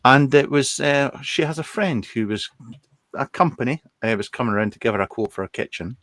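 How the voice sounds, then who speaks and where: A man chats as a guest on a live show, wandering through his points with hesitations. His pitch rises and falls with lively swings. The recording is dry and close, with no room sound. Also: fairly quick, no room sound. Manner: hesitant, rambling with fillers and laughs. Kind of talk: casual chat.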